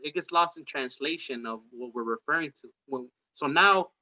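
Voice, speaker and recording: Male podcast host, raised-pitch bright voice, loose profane streetwise delivery; dull lo-fi recording. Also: moderate pace. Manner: rambling, profane, streetwise slang. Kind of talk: casual political debate chat.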